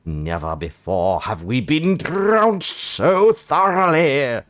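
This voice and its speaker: A man's voice: very animated, no echo, exaggerated voice. A man voicing a pompous, overeager worm knight who speaks in old-fashioned, grandiose declarations with a posh English accent. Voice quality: booming, theatrical archaic diction. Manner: loud, drawn-out, grandiose declarations.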